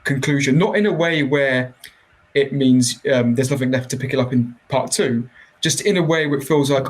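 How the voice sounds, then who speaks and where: A man's voice: medium pitch, moderate pace, low-quality recording. A young man guesting on a film podcast, talking in a hesitant, rambling way full of fillers. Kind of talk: casual film review chat.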